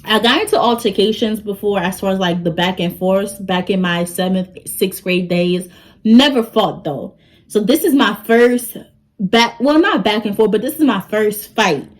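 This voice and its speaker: A young woman telling a story to her vlog audience in an animated way. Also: mid-range voice, moderate pace, poor audio. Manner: animated, talks straight to the audience. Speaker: vlogger.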